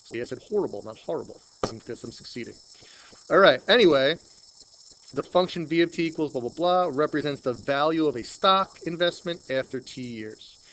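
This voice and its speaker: A man with a Long Island accent teaching a math lesson, chatting and thinking out loud as he works through problems. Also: fairly high pitch, lively intonation, moderate pace, rough recording. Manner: chatty, thinks aloud while working problems. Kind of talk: screen-recorded math lesson.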